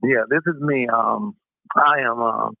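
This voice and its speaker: A man in his fifties, a deacon calling into a radio show, speaking hesitantly with many pauses and ums. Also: medium pitch, fairly even intonation, gravelly, dry recording. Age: 50s. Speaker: caller, deacon. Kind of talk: call-in radio talk. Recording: tinny phone line.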